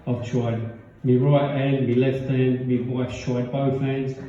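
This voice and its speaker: Male stand-up, punchy joke delivery, warm low tone, distant dull mic in a big echoey room. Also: level tone, a little slow, slight background noise. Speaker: stand-up comedian. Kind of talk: live stand-up set. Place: comedy pub venue with live audience. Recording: roomy, distant, dull live recording.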